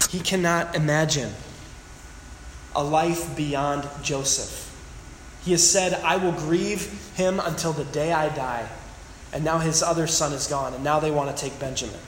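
High-voiced preacher in an echoing hall. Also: male voice, fairly bright tone, slight background noise. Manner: dramatic scripture reading with emphatic asides. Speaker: pastor. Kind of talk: sermon. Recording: echoey hall with long reverb.

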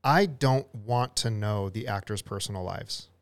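A man's voice: lowish voice, measured pace, no echo. A man co-hosting a podcast, chatting casually and joking about himself in a rambling way. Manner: rambling, joking, self-deprecating. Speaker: podcast co-host. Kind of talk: casual chat.

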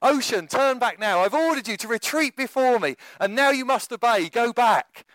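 A man's voice: extremely high pitch, lively intonation, moderate pace, dry recording, pitched above the performer's own voice, low-quality recording. A British man voicing a proud medieval king who gives imperious orders, read aloud in a sermon. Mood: commanding. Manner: imperious shouting commands. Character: proud medieval male king commanding the sea.

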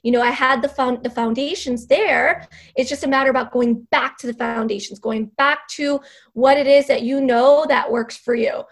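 A woman's voice: sits high, moderate pace. A woman who teaches and coaches, speaking as a podcast guest in an earnest, encouraging way and often correcting herself mid-sentence. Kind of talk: casual interview chat.

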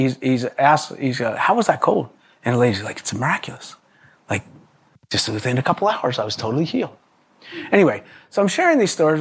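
A man preaching a sermon, telling stories with lots of restarts and acting out the people he quotes. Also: a little high. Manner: animated storyteller, acts out quoted voices, laughs often, many restarts. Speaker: pastor. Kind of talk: sermon with storytelling.

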